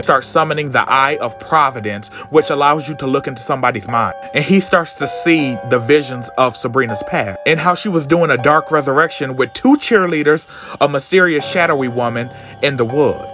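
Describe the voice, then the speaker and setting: Man, casual comic book recap, campy and sassy, cussing asides, average pitch, faint music behind. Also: fairly quick. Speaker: storyteller.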